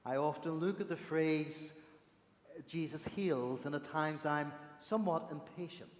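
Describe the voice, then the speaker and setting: A man preaching a sermon, telling stories with emphatic pauses, from Northern Ireland. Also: a little high. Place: church sanctuary. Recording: echoey church hall reverb.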